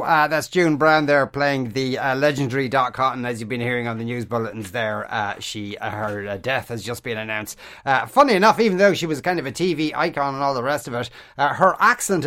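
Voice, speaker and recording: A man's voice: medium pitch, brisk, few pauses, a bit bright. A man hosting a radio show, talking casually with many hesitations. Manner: hesitant, chuckling, filler-heavy. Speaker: radio host.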